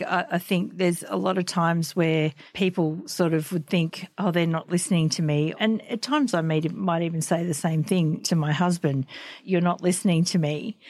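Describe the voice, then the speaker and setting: A woman's voice: lowish voice, a little mellow, no echo, studio quality. A woman hosting an interview, asking questions in a chatty way with many fillers. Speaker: interview host. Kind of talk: conversational interview.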